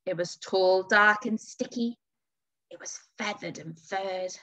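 A woman reading a children's storybook aloud for a school, dramatic and expressive, with whispers and gasps. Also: medium pitch, slow pace.

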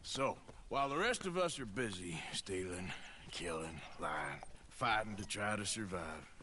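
An actor voicing a gruff, sardonic outlaw cowboy in a western video game. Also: male voice, sits low, expressive, measured pace, noisy background. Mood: teasing. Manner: gruff, blunt, sardonic drawl. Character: rough outlaw cowboy gang enforcer, grown man.

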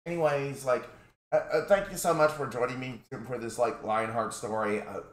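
A man's voice: medium pitch, moderate pace. A man casually telling a personal story to his viewers in a rambling way, full of "like" and restarts. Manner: rambling, filler-heavy, frequent "like". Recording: roomy echo.

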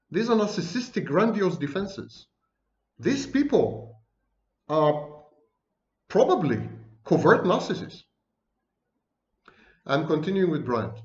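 A man's voice: high voice, sing-song, takes it slowly, long pauses, darkish tone. A man giving an online lecture on personality disorders, emphatic and scornful, stacking up terms as he goes. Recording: echoey room, dull lo-fi sound.

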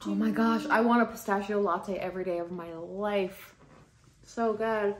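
A woman's voice: mid-range voice, steady tone, normal speed. A Canadian woman in her thirties chatting casually in a home vlog, rambling and laughing often. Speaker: vlogger, mom. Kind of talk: casual weekly vlog chat.

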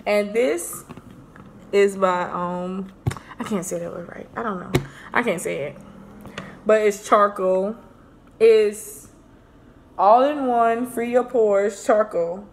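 A young woman vlogging a casual product review, chatty and excitable, often calling her viewers y'all. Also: mid-range voice, a little hiss or hum.

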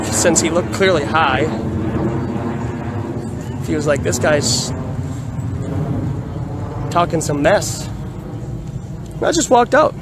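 High-voiced man telling a street story. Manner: animated, laughs often while telling a story. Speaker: vlogger. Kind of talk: casual storytelling vlog. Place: outdoors in a busy urban area. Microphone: phone on a selfie stick. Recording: outdoor street noise.

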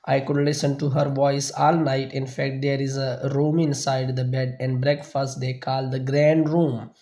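A man narrating a novel in the first person as an audiobook reader, halting at times with small slips and restarts. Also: mid-range voice, flat delivery, mellow.

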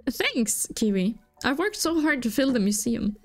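A woman's voice: fairly high pitch, very animated, a little slow, faint music behind. A woman reading aloud the lines of a downcast young male museum curator in a video game, in a lightly changed voice. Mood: downcast earnest. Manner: reads the dialogue box aloud.

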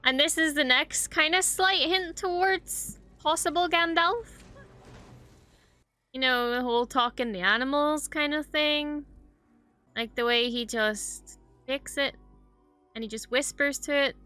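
A woman's voice: sits high, measured pace, pushed and bright, faint music behind. A young woman hosting a reaction video, chatting casually and expressively, swearing often and gushing over what she watches.

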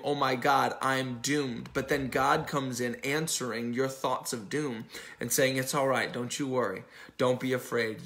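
A man's voice: mid-range voice, a bit bright. A male pastor preaching a sermon in a conversational style, with restarts and self-corrections, acting out the dialogue from the story.

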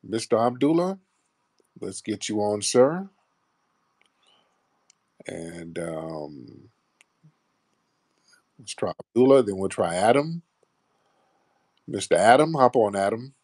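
A man's voice: lowish voice, sing-song, takes it slowly, long pauses, a little mellow, dry recording, clean studio sound. A man hosting a call-in show, sarcastic and combative, trading insults with callers and calling them sir.

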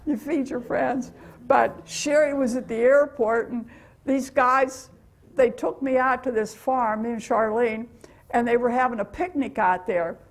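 A woman's voice: a little high, fairly even intonation, unhurried. An older American woman telling stories of her mission trip to a church meeting, chatty and laughing often. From USA. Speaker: guest speaker.

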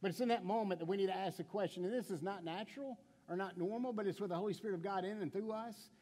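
This middle-aged pastor speaks fast in a high voice with a dark tone, and his words ring out with a long reverb in the church sanctuary. His sermon feels conversational, full of stammered restarts, rhetorical questions, and playful stories told with acted quotes.

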